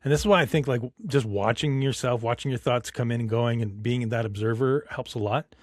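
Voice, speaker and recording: A man hosting a podcast muses aloud in a casual, rambling way and stops often for fillers. His voice sits at an ordinary middle pitch. The recording is dry and close. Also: fairly even intonation, fairly quick, dry recording. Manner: reflective, rambling, with many fillers. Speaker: podcast host. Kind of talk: casual chat.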